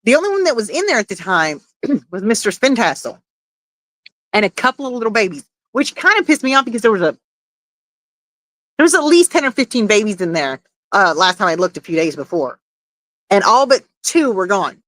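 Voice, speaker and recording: A woman's voice: medium pitch, big pitch swings, fairly quick, long pauses, a bit bright, no room sound. A woman hosting a casual livestream, chatting and reading out viewer comments, laughing often and swearing casually. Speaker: livestream host.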